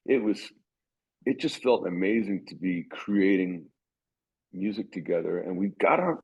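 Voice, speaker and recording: A man's voice: sits low, animated, unhurried, a little mellow, slightly rough, low-quality recording. A middle-aged man, a guitarist being interviewed, telling stories in a rambling way with many restarts and acted-out quotes. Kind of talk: casual interview storytelling.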